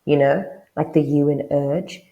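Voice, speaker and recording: A woman's voice: deep voice, fairly even intonation, measured pace, gravelly, mellow, reverberant, muffled recording. A South African woman with a South African English accent, teaching a casual online language lesson and often checking in with the viewer.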